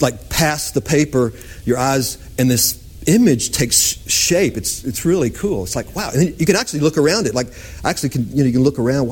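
Man, pastor, preaching a sermon, husky voice, animated, high excited exclamations, low hushed passages.

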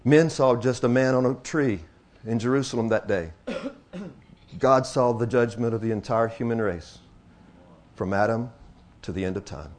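At a medium pitch, a male preacher addresses the congregation. Quiet, slow passages give way to loud, excited exclamations, and he repeats phrases for emphasis.

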